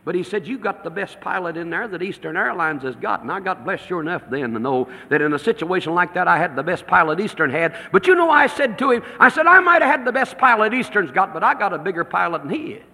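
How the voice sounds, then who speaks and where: A man preaching a sermon, telling a story and then swinging between loud declarations and hushed, near-whispered lines. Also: high-pitched, lively intonation, fast, hardly any pauses, in a large hall.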